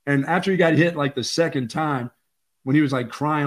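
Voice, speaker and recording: An older man co-hosting a sports talk show, telling lively stories and acting out quotes. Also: a little high, fairly quick. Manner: animated storyteller, acts out quotes. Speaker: sports radio co-host.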